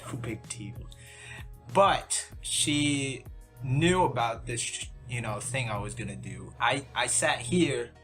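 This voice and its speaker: A young man of middle pitch chats through a personal story in a loose, self-deprecating way, tripping over restarts and asides. Background music plays clearly under his voice throughout. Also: a bit bright. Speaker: YouTube channel host. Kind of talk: casual storytelling vlog.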